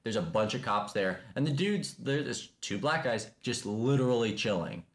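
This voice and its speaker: A young man from Kentucky co-hosting a casual podcast, telling stories in a jokey, animated way. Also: mid-range voice. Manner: jokey, animated storytelling with quick voiced asides. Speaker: podcast co-host. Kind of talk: casual chat.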